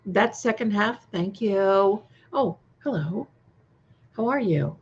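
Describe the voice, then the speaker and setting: A woman's voice: mid-range voice, animated, slow pace, a little hiss or hum. A woman chatting casually on a live stream, reacting to viewer comments with many restarts. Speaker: co-host of a live stream premiere chat. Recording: slightly dull lo-fi sound.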